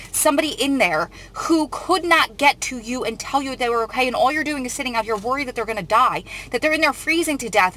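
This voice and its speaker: Woman, young, vlogger, earnest, emotional, bright voice, somewhat high. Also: low-quality recording. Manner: earnest, emotional, often close to tears. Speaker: vlogger reading and reacting to news. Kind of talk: emotional commentary on a news article.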